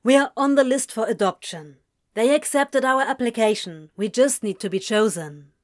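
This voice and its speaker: A woman voicing a blunt, grumbling husband and new father, louder and with a shifted tone. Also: high voice, animated, moderate pace. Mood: gruff.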